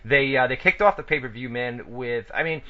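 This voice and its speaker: A man's voice: medium pitch, fairly quick. A man hosting a wrestling radio show, rambling and cursing in casual banter full of laughs. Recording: dull lo-fi radio recording.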